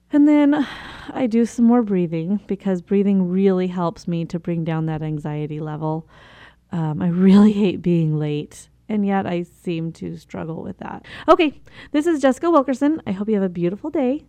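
A woman's voice: on the low side, normal speed, warm tone, no room sound. A woman hosting a casual self-help talk who coaches listeners, laughs at herself between remarks and admits to her own struggles. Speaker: host giving self-help advice.

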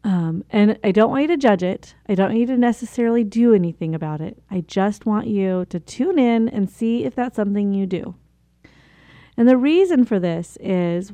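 A woman's voice: medium pitch, mellow, no room sound. A woman hosting a casual self-help talk who coaches listeners, laughs at herself between remarks and admits to her own struggles. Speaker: host giving self-help advice.

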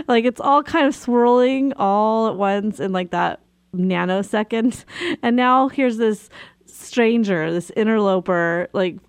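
A woman hosts a talk show and tells a personal story in a casual, animated way, laughing often as she goes. Her voice sits at a middle pitch for a woman. The recording is dry and close. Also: dry recording. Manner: laughs often while telling stories, animated. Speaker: radio show host and marriage and family therapist.

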